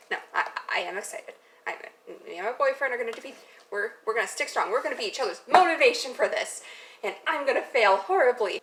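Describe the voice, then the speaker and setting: A woman's voice: on the high side, big pitch swings, brisk, a bit bright. A young woman talking casually through a recipe in her home kitchen, rambling and poking fun at herself as she goes. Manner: rambling, self-mocking asides. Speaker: cooking vlogger. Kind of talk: casual cooking demo chat. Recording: noisy home kitchen audio.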